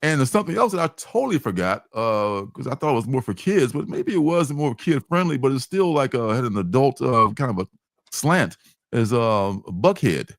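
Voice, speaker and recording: A man chats casually as host of a comic book livestream, wandering through his thoughts with fillers and restarts. His voice sits at an ordinary pitch, and the sound is dry and close. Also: big pitch swings, moderate pace, no echo. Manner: rambling, many fillers and restarts, laughs easily.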